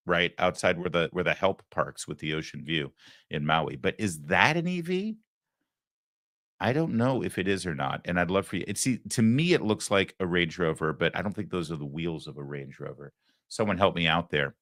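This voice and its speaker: Low-voiced guy hosting a talk show, sarcastic, dry studio sound. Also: fairly bright tone, no room sound. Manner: sarcastic, mocking asides. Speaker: host. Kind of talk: political talk show commentary.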